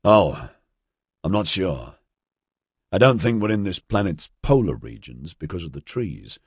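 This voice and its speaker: A man's voice: sits low, unhurried, husky, dry recording, clean studio sound, full character voice. A man voicing a practical young man on a freezing trek, reasoning things out matter-of-factly. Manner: calm, reasoning, matter-of-fact.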